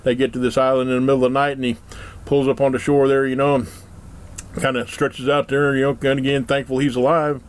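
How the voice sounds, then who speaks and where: A man's voice: medium pitch, little pitch movement, quick pace, clear, resonant tone. A man telling a long, folksy joke story in a rambling, casual way. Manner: rambling, folksy, full of fillers.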